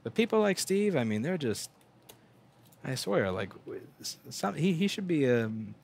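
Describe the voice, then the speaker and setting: A man's voice: fairly high pitch, sing-song, a little slow, creaky, darkish tone, slight background noise. A man hosting a casual livestream from his repair bench, talking bluntly with lots of swearing, fillers and restarts. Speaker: livestream host and repair technician. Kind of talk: rambling casual livestream talk. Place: repair shop workbench.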